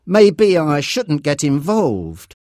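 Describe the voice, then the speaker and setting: A man's voice: high voice, animated, measured pace, a little mellow, no room sound, studio quality, voice pushed up. A man reading aloud, voicing a nervous restaurant owner who hesitates with ums and uhs.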